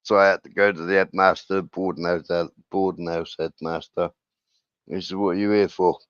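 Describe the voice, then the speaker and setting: Acting out the dialogue with animation, a middle-aged man shares a school anecdote while casually chatting on his livestream. His voice sits low at a moderate pace, with no echo, in a dull, lo-fi recording.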